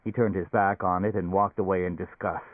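A man reading a science fiction novel aloud as audiobook narrator, in a measured storytelling manner. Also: sits low, steady tone, dry recording. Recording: dry, phone-like narrow sound.

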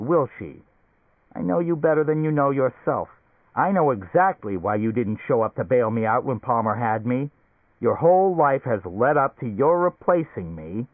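A man's voice: medium pitch, no echo, lightly acted. A man voicing a pushy, blustering middle-aged male company boss in an audiobook, talking insistently and hectoring. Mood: lecturing. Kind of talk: audiobook character voice. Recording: tinny narrow-band recording, dry.

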